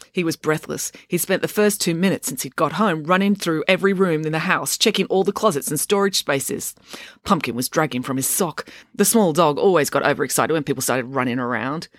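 A woman hosts her own children's story podcast, reading her book aloud in an expressive way. Her lowish voice rises and falls very freely. The recording is close and dry. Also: fairly quick, dry recording. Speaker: children's author and podcast host.

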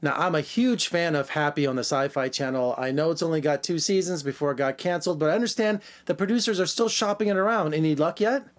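Male interview host, fast-talking, fairly high voice, upbeat presenter delivery. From Las Vegas, USA. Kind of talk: broadcast interview hosting.

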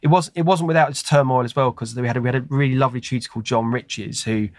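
A man's voice: mid-range voice, fast, no echo, studio quality. A man being interviewed, telling stories in a rambling, self-deprecating way with many fillers and restarts. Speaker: guest. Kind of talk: casual interview chat.

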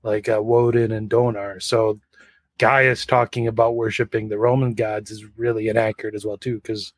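A man's voice: fairly low pitch, little pitch movement, moderate pace, no room sound. A man co-hosting a casual podcast, explaining history details in a wry, nerdy way. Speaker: podcast co-host. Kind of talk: casual review chat.

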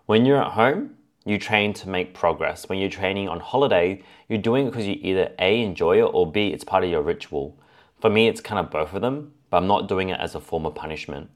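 A man's voice: low voice, a little fast. A man hosting a solo fitness podcast, talking casually and laying out his tips point by point. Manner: chatty, lists points as A and B. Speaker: fitness coach podcast host.

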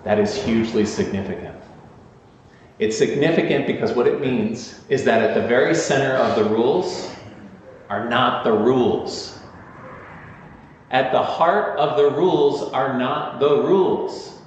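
A man's voice: medium pitch, unhurried. A man preaches in a conversational, earnest way, leaning on repeated phrases for emphasis. His voice rings through a very echoey church hall with a long reverb tail. The sound is slightly dull, with faint noise behind him. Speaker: pastor. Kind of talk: sermon.

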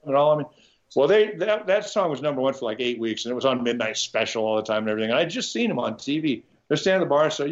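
A medium-pitched man who talks fast, heard on lo-fi sound, is a Nebraska guitarist in a casual interview. His stories wander and bubble with energy, full of restarts and sprinkled with swearing.

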